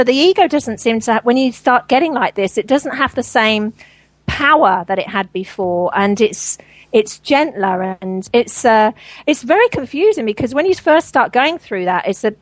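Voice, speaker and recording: A woman's voice: on the high side, no room sound, low-quality recording. A woman guest on a spiritual talk show, speaking earnestly and at length with frequent fillers and laughs. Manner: earnest, rambling, laughs often. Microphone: radio show line.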